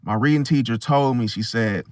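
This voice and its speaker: A young man talking casually to camera, telling a personal story in an animated, slangy way. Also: medium pitch, moderate pace, no echo, clean studio sound. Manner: animated storytelling, slangy, swings loud and soft. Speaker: host.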